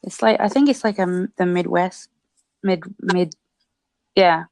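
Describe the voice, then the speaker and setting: A woman's voice: on the low side, steady tone, a little slow, gravelly, a little mellow, no room sound. A young woman from England whose English accent has taken on some American tones, chatting easily and giggling on a video call. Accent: English with American influence. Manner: giggly, easygoing. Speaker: guest. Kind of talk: casual video chat.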